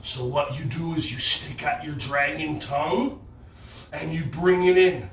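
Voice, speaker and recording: A man's voice: a little high, fairly even intonation, unhurried, roomy sound, distant mic, slight background noise. A man from New Jersey with a New Jersey accent, leading a playful children's yoga class indoors and cheering the kids on. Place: indoor room.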